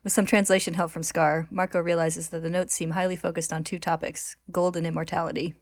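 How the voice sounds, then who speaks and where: Low-voiced woman narrating a recap. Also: little pitch movement, a little fast, no room sound.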